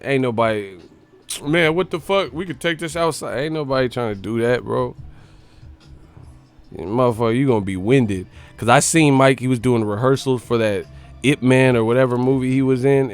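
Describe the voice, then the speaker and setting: A young man hosting a casual boxing live stream, talking loosely and profanely, now and then doing quick impressions. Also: mid-range voice, clean tone, soft background music. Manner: profane, animated, slips into impressions.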